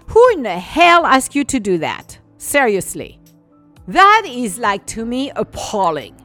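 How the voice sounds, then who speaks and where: A woman's voice: a little high, big pitch swings, measured pace, a bit bright, soft background music. A woman telling a story in a casual, exasperated rant. She uses mild curses and keeps saying "blah, blah, blah.".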